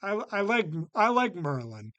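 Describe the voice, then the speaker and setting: A man hosting his own vlog, talking unscripted and haltingly about his favourite TV shows, with lots of restarts and a habit of saying "basically". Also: high voice, big pitch swings, pushed and bright, dry recording. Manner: halting, many fillers and restarts, repeats "basically". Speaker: vlog host ranking TV shows. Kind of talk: casual unscripted talk to camera.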